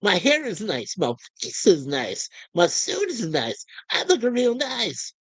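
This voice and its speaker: A man playing a vain, preening cat-man, stretching his words slowly and lovingly over his own looks. The pitch rises and falls widely in a close, dry recording. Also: wildly swooping pitch, a bit bright, breathy edge, dry recording, exaggerated voice. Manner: slow, drawn-out and self-admiring.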